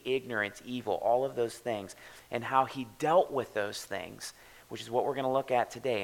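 Gravelly-voiced pastor preaching a sermon. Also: male voice, lowish voice, low-quality recording. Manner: conversational, with restarts and soft, hushed stretches. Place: church.

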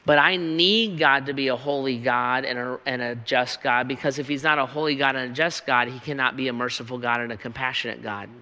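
A man's voice: mid-range voice, fairly even intonation, brisk, few pauses, sharp tone, long reverb tail. A man pastor preaching a sermon in a church, with an emphatic, repetitive rhetorical cadence.

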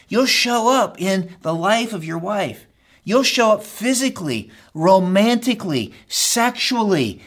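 A middle-aged pastor preaching a sermon, talking straight to the men in the congregation and swinging between loud urging and hushed asides. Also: male voice, sits high. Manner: talks straight to the men in the crowd.

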